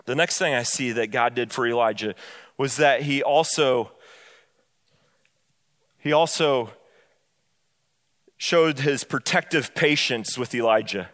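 A man, a pastor, preaching a sermon in church, stressing lines slowly and dropping soft and low on key phrases, then speeding up as he tells a story. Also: in a large hall. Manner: bursts of quick storytelling between slow, stressed lines.

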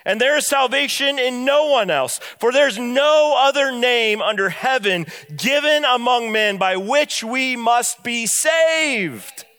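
A man, a pastor, preaching a sermon in church, stressing lines slowly and dropping soft and low on key phrases, then speeding up as he tells a story. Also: expressive, clean tone, long reverb tail. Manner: bursts of quick storytelling between slow, stressed lines.

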